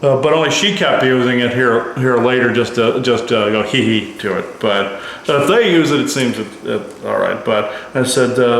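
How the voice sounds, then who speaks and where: A man recounting a personal experience in a casual, halting, rambling way with many restarts. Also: medium pitch, gravelly, fairly bright tone, a little hiss or hum. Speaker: narrator of contact experiences. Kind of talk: casual spoken account. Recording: very echoey room.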